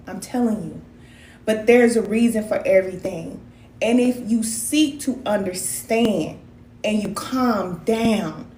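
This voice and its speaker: The recording has a roomy sound as a woman with a voice on the high side hosts a relaxed live stream. A spiritual wellness practitioner, she's folksy and animated and refers to her viewers as cousins.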